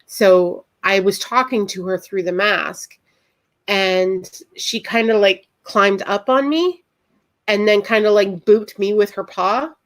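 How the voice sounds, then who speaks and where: A woman guest in a casual chat, rambling between thoughts and getting animated when excited. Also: medium pitch, slow pace.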